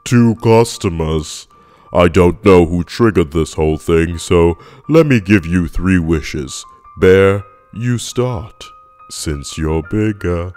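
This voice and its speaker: Loud grumpy genie played by a man, exasperated, low voice, faint music behind. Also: lively intonation, slow. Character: gruff grumpy male river genie. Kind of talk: comic joke reading.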